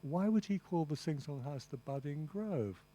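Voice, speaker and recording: In a lecture room, a man teaching a translation master class speaks in a fairly high, mellow voice with lively intonation at a moderate pace. He is enthusiastic and meandering, often restarting his sentences, turning to the audience with asides, and repeating "you see."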